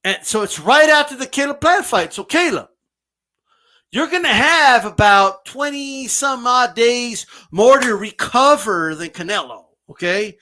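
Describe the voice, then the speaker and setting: A man's voice: very high voice, lively intonation, unhurried, bright, forceful tone. A man giving a brash, mocking, profane rant as a boxing commentator. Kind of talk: ranting commentary vlog.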